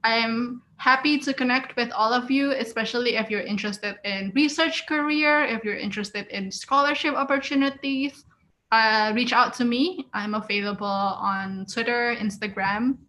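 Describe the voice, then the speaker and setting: A woman's voice: on the high side, steady tone, normal speed, sharp tone, slight background noise. A woman giving an encouraging webinar talk as guest speaker, reading out and answering audience responses. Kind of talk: webinar presentation.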